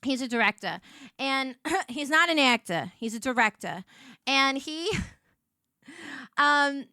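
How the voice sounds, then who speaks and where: A young woman streamer chats her way through a story, tripping over restarts and fillers. Her voice sits high and swings widely, bright and sharp-edged. The sound is dry and close. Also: slow pace, no room sound. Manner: chatty, rambling, many restarts and "like"s; animated, jumps into high voices for quotes. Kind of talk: casual storytelling chat to a stream.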